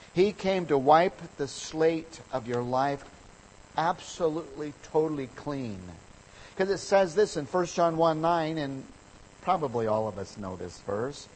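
A man's voice: a little high, slight background noise, rough recording. Man preaching a sermon, storytelling. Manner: storytelling, animated with voices for quoted people. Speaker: pastor.

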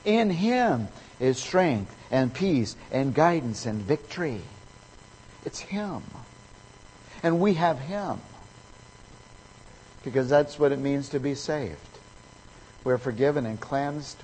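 A man's voice: medium pitch, animated, slow pace, pauses often, a little mellow, in a large hall, a little hiss or hum, rough recording. A man preaching a sermon, emphatic and fond of repeating key phrases for effect.

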